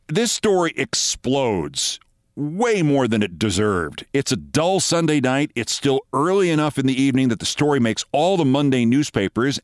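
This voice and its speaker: A man's voice: medium pitch, no room sound. A man in his sixties telling a long personal story as podcast host, wry and dry, acting out the quoted lines. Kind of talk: storytelling monologue.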